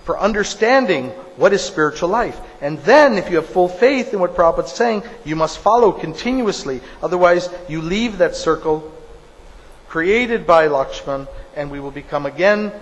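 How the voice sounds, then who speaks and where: A man's voice: high-pitched, expressive, normal speed. Emphatic male preacher in a reverberant hall. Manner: emphatic, storytelling, repeats phrases for stress. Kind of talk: sermon.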